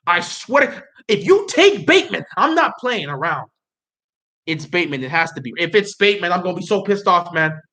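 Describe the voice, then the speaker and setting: High, bright-voiced excitable man. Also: fairly quick. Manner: excitable, pleading and repeating himself. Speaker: livestreamer reacting to the draft. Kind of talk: casual live reaction chat.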